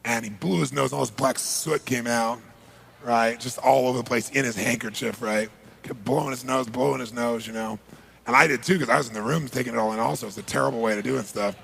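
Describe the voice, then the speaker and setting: Male seminar speaker, rough and raspy, with an animated storytelling style and shouted reenactments. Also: medium pitch, fast. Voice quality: raspy, gravelly. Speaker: motivational speaker.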